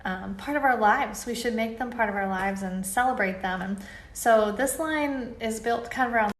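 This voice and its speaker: A woman's voice: a little high, normal speed, a little hiss or hum. Earnest, enthusiastic woman, casual and chatty, recorded in a roomy space. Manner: earnest, chatty, with many fillers and restarts; faith-filled and enthusiastic. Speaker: apparel brand founder. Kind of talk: casual talk to camera.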